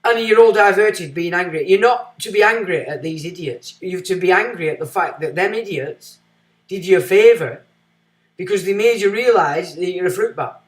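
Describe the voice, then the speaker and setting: A man hosts a livestream in a blunt, sarcastic rant. His voice sits high, and he swings between low muttering and loud jabs. The sound is roomy and echoey. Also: moderate pace. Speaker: livestream host. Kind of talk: ranting livestream commentary.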